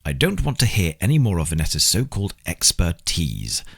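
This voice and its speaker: A man voicing a smug, sneering oligarch with a thick Slavic accent, drawling each word slow and menacing in a low, husky voice. An audiobook villain who sounds certain he holds all the power. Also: huge pitch swings, exaggerated voice. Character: sneering middle-aged male oligarch boss. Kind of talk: audiobook character reading.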